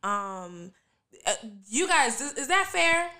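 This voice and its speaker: A young woman co-hosting a casual podcast chat with her husband, animated, teasing and cursing freely. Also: high voice, takes it slowly, clean tone. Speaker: podcast co-host.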